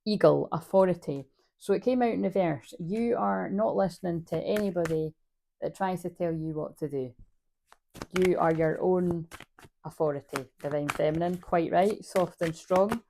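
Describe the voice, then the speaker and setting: A woman's voice: fairly low pitch, moderate pace, creaky, warm tone, slight background noise. A woman giving a casual spiritual card reading, rambling, swearing freely and laughing at herself. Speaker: spiritual reader.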